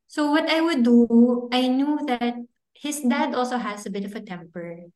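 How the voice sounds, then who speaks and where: A woman's voice: on the high side, normal speed, a little mellow. A woman, a children's book author telling stories in a casual interview, chatty and full of fillers. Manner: chatty, anecdotal, with frequent fillers and laughs. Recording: echoey room.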